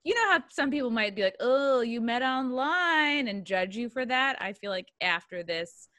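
A woman's voice: mid-range voice, very animated, a little fast, bright, forceful tone, no room sound. A woman hosting a comedy podcast, joking crudely and reading out news items with sarcastic asides. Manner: brash, profane, reads out articles and jokes. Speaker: podcast host. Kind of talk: casual comedic banter.

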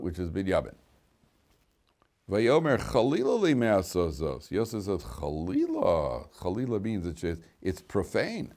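A man teaching a class as a rabbi, reading Hebrew verses, translating them and adding joking asides. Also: mid-range voice. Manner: animated, joking asides, reads Hebrew text then translates. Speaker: rabbi teaching weekly Torah portion. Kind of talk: classroom lecture with humor. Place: study hall classroom.

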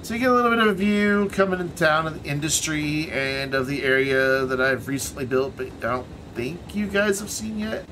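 A man streaming himself playing a city-building game, talking casually in a relaxed, rambling way and trailing off into muttered asides. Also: on the high side, a little fast, few pauses, slight background noise.

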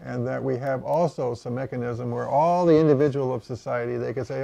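A man hosting an interview, talking casually in a halting way as he searches for words, with small laughs along the way. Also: mid-range voice, fairly even intonation, creaky, dark tone. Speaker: interview host. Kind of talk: casual conversation.

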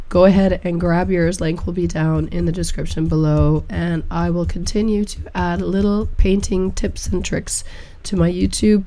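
A woman with a hoarse, sick voice, teaching a software painting tutorial in a chatty, encouraging way. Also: on the low side. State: hoarse, recovering from illness. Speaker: photo painting instructor. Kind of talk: screen-recorded software tutorial.

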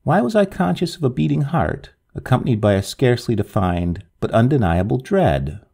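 A man reading a Victorian ghost story aloud with a dramatic, expressive delivery. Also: medium pitch, normal speed, vocal fry, breathy edge.

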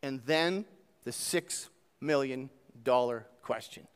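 A man's voice: medium pitch, slow, clean tone. A man preaching a sermon as pastor in a church, asking his listeners rhetorical questions. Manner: animated, asks the congregation rhetorical questions. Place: church sanctuary. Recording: long church reverb.

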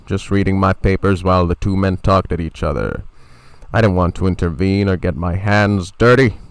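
A man telling a short spoken story in a wry, deadpan, self-mocking way. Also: low-pitched, vocal fry, no room sound. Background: soft guitar music.

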